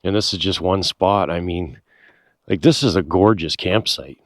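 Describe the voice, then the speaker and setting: A man narrating his ATV trail vlog outdoors in a casual, excitable, rambling way, swearing now and then. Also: deep voice, normal speed, no echo, studio quality.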